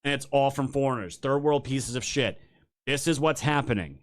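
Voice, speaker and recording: A man's voice: mid-range voice, moderate pace. A man hosting his own political stream, ranting in a heated, profane and sarcastic way straight to his viewers. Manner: talks straight to viewers as "you guys". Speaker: political commentary show host. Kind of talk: live-streamed political rant.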